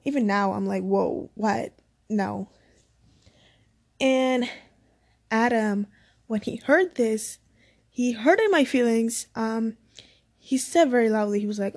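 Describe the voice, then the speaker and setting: A woman's voice: fairly high pitch, creaky, a little mellow, slightly rough. A young woman from the Dominican Republic telling a personal story in a rambling, casual way that often goes off track. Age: young adult. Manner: rambling, sidetracked, laughs often. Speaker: vlogger.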